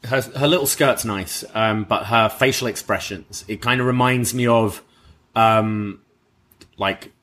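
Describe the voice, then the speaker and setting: A man, co-hosting a casual wrestling review podcast, relaxed and chatty with casual swearing. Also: fairly low pitch, measured pace. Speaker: podcast co-host.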